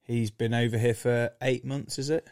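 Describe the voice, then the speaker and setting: A man's voice: medium pitch, fairly even intonation, moderate pace, a little mellow, no room sound, studio quality. A man, co-hosting a podcast, telling a story hurriedly and correcting himself as he goes. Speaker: podcast co-host. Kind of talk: casual chat.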